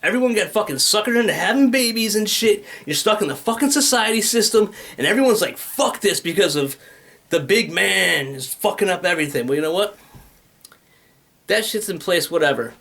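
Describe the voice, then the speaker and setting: His high-pitched, expressive voice is brisk and creaky with a fairly bright tone. He's a vlogger selling his venture through a loose, rambling rant, cursing often and jumping restlessly among ideas.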